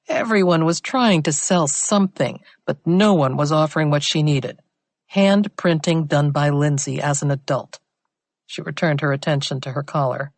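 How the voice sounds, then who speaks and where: A woman narrating an audiobook thriller in a measured, even reading. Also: deep voice, creaky, dry recording.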